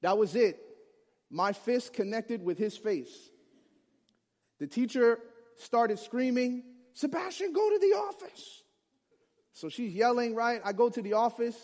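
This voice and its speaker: A man from Chicago telling a humorous personal story to an audience, lively and acting out the people in it. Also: very high voice, measured pace. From Chicago, USA. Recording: reverberant hall.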